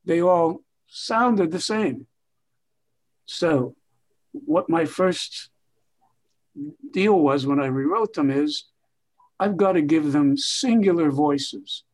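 An older man, a veteran TV writer, telling stories in an interview with expansive, emphatic, drawn-out phrasing. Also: fairly high pitch, animated. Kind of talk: reflective interview storytelling.

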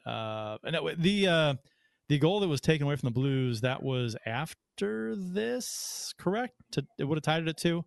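A man hosting a casual hockey podcast, breaking down plays in a halting way with many fillers. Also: on the high side, big pitch swings, gravelly, a little hiss or hum. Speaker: podcast host.

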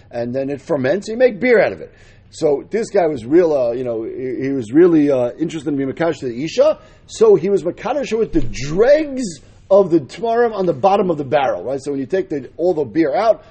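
A man with a husky voice teaching a Talmud lesson, explaining step by step and mixing in Hebrew and Aramaic terms. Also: a little high, dark tone.

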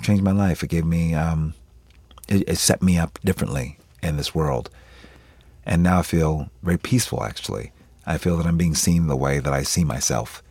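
A very deep, husky male voice, recorded close and dry on a studio mic. He tells stories in a radio interview with lively energy and acts out the people he quotes. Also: no room sound. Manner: animated storyteller acting out quoted voices. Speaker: actor guest.

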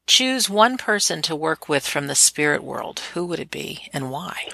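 An interview host with a gravelly, crackling edge and a bright, forward tone, asking questions gently. The sound is dry and close. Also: mid-range voice, big pitch swings, moderate pace, dry recording.

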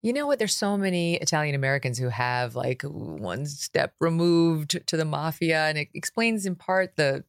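A woman hosting an interview, asking quick, direct questions. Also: sits low, animated, dry recording, clean studio sound. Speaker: host.

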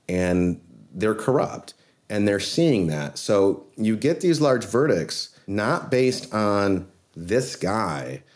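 A man, a trial lawyer guest on a podcast, telling a case story in an earnest, animated way. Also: fairly low pitch.

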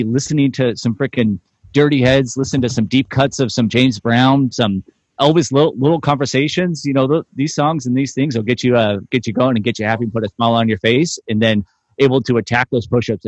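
A man's voice: medium pitch, no echo, muffled recording. A man speaking as a podcast guest over a video call, emphatic and motivational in casual chat.

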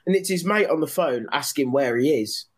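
A man's voice: fairly high pitch, animated, moderate pace. An English man telling a funny story in casual chat, laughing and swearing as he quotes people. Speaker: podcast host telling a story. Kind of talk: casual anecdote.

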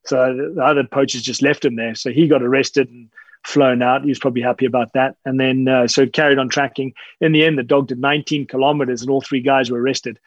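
A man, telling stories casually in an interview, relaxed and rambling with many fillers and restarts. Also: medium pitch, fast talker, dry recording. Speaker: interview guest, dog handler and tracker. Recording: slightly dull lo-fi sound.

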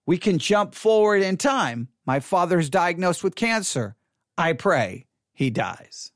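A man giving an earnest personal testimony to an audience, repeating words and swinging between quiet and emphatic delivery. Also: high-pitched, sing-song, unhurried, no room sound, studio quality. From Texas. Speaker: speaker addressing an audience.

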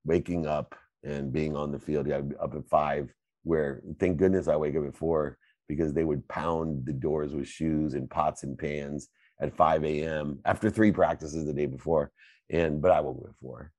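A middle-aged man hosting a live Q&A, answering questions in a fervent, preachy way that swings between loud bursts and quiet asides. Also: rumbling low, fairly even intonation, moderate pace, no echo, clean studio sound. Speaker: host and coach. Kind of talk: motivational Q&A answers.

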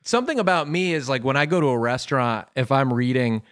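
A man speaking as a podcast guest in loose, comedic chat, laughing at himself and stumbling through restarts. His voice is mid-pitched, and the recording is close and dry with no room sound. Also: lively intonation, a bit bright, clean tone, no room sound. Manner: self-deprecating, halting with many restarts.

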